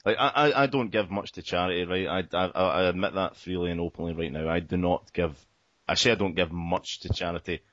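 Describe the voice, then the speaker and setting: A man with a very low voice tells a rambling story, restarting his sentences and swearing as he goes. The sound is dry and close, with a dull, muffled lo-fi quality. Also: fairly quick, a bit bright, no echo. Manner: rambling, repeats words, swears often. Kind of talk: casual storytelling chat.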